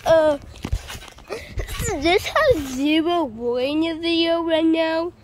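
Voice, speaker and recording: High-voiced woman narrating toy play. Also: takes it slowly. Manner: silly and repetitive, chanting phrases. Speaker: vlogger playing with plush toys. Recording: steady background noise.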